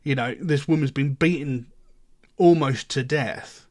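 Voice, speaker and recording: This middle-aged music reaction host talks in an unhurried, medium-pitched voice. He meanders through casual commentary, leaning heavily on "you know."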